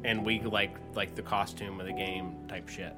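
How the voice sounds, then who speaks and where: A young man from the Pittsburgh area chatting casually, telling an animated story full of fillers and swearing. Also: low voice, moderate pace, soft background music. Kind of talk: casual podcast chat.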